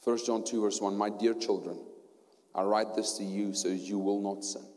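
A man with a South African accent preaching a sermon and telling his story, going from hushed tones to loud preaching. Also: lowish voice, fairly even intonation, moderate pace. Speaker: pastor. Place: church hall. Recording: long hall reverb.

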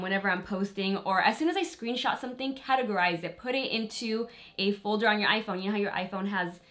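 A woman's voice: medium pitch, a bit bright. Woman beauty vlogger, chatty and candid, mid-range voice, talking to camera during a makeup routine. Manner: chatty and candid, with small laughs and fillers; talks to viewers directly while applying makeup. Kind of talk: casual get-ready-with-me chat.

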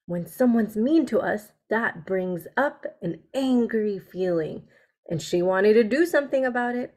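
A woman telling a story to children on a video call, speaking gently and asking them questions. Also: mid-range voice, big pitch swings, unhurried. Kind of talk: interactive story session for kids.

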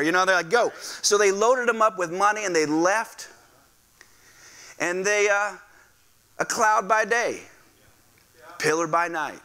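A male pastor preaching a lively sermon, acting out voices and calling on the congregation to respond. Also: high-pitched, normal speed, long pauses. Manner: animated, acts out quoted voices, asks the congregation to respond. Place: church sanctuary.

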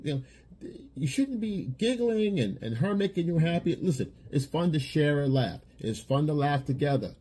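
A man with a warm, slightly husky voice delivers a monologue of relationship advice. He is blunt and lecturing, and he repeats phrases as he drives each point home. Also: a little high, expressive, moderate pace. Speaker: dating coach.

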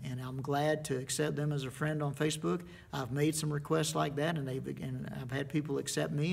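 A middle-aged man preaching in a folksy, homespun way, slowing down and pausing to drive his points home. His voice sits a little high for a man and carries a gravelly edge. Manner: folksy storytelling with slow, emphatic pauses. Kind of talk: sermon.

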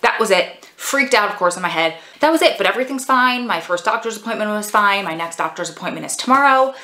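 A woman's voice: mid-range voice, lively intonation, fast talker, pushed and bright. A woman in her forties, short of breath, chatting casually to camera as a vlogger, rambling with lots of "like". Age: 40s. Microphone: phone camera. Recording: echoey room.

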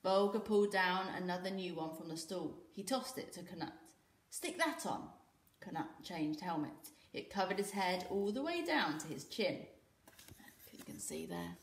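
A British woman teacher reading a children's story aloud in an expressive, lively way. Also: lowish voice, normal speed, hardly any pauses, echoey room, a little hiss or hum. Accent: British English. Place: school room.

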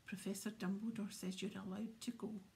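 A fussy, strict school nurse, as a woman reader puts her on in a storybook, speaking firmly and sniffily. The voice is mellow and gravelly. A faint ambience sits behind her. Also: medium pitch, little pitch movement, fairly quick, slight background noise, close to an everyday voice. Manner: firm, sniffy speech.

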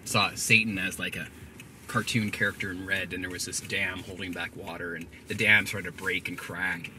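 Earnest low-voiced man in a noisy car. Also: distant mic. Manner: earnest storytelling, then bursts into loud singing. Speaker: college president. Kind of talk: casual chat in a car. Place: inside a moving car. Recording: road noise, mic away from speaker.

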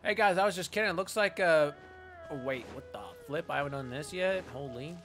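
A male game streamer with a bright, forceful tone who rants and jokes sarcastically over the gameplay. Soft music plays behind him. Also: a little high, a little fast. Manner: sarcastic, ranting, joking. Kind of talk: gameplay commentary.

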